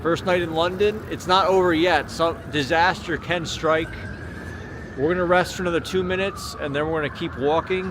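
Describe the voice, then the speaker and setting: A rambling American man chats to his viewers as he streams from a busy city street at night. His voice sits a little high, and his loose, easy talk keeps breaking off to read comments. Street traffic hums clearly behind him on a small camera mic. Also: fairly even intonation, moderate pace. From United States. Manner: rambling, chatty, reads comments aloud. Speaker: livestreamer. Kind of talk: casual livestream chat. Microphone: small handheld camera mic. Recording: outdoor street noise. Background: city street traffic noise.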